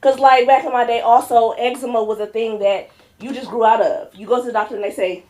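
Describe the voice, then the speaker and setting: A woman's voice: on the high side, normal speed, a little mellow. A woman hosting a stand-up open mic, chatty and playful, laughing at her own jokes. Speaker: comedy open mic host. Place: comedy club open mic.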